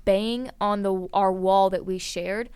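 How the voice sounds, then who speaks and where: A woman's voice: mid-range voice, fairly even intonation, slow, darkish tone, smooth. A nineteen-year-old woman co-hosting a podcast, chiming in emphatically in casual chat. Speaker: podcast co-host.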